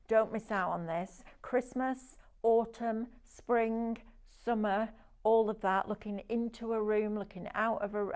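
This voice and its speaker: A chatty woman hosts a live sales show, gushing over every item. Her voice sits at an ordinary middle pitch, and she keeps the patter flowing. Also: darkish tone. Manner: chatty and gushing, constant product praise. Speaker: shopping channel presenter.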